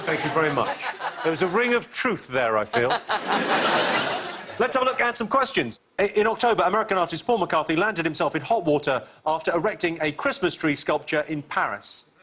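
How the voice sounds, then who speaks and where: Deadpan guy hosting a comedy quiz, kinda high voice, dry one-liners, audience laughing loud behind him. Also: brisk, heavy background noise. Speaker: quiz show host. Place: TV studio with live audience. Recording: studio with clear audience laughter.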